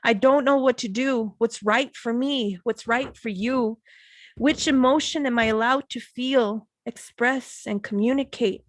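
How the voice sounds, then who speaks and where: A woman reading her own poetry at an online open mic from home, slow and measured, pausing between lines. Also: on the high side, dry recording.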